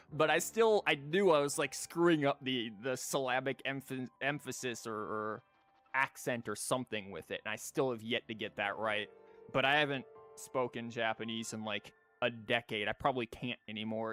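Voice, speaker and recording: A man's voice: mid-range voice, sharp tone. A man in his thirties streaming a game, chatting casually in a rambling, jokey way with lots of fillers. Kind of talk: casual live-stream chat while gaming. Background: game music.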